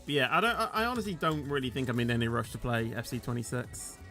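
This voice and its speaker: A man's voice: mid-range voice, very animated, fast talker, sharp tone, faint music behind. A man chatting casually on a game livestream, rambling and peppering his sentences with "you know", his voice rising at the end of sentences. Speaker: game streamer.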